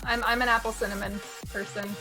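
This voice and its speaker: A woman's voice: fairly high pitch, flat delivery, fast, over music. A woman co-hosting a live art battle stream, blunt and playfully sarcastic. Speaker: co-host commentator.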